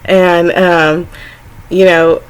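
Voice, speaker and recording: A woman's voice: on the low side, level tone, extremely slow, clean tone, poor audio. A young adult woman vlogging to camera, telling a personal story in a rambling, frank, chatty way with lots of fillers, acting out family members in quotes. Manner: acts out her younger self and family in quotes.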